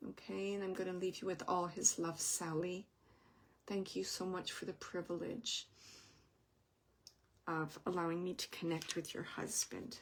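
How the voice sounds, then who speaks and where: Husky-voiced woman medium, gentle and soft. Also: on the low side, little pitch movement, unhurried. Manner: gentle, meandering, relays messages with soft asides. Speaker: medium giving readings. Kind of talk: live spirit reading for audience members.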